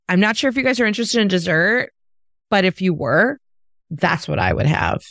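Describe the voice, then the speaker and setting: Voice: mid-range voice, big pitch swings, moderate pace, a bit bright, no echo. Chatty podcast host, dry close sound. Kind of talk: podcast interview.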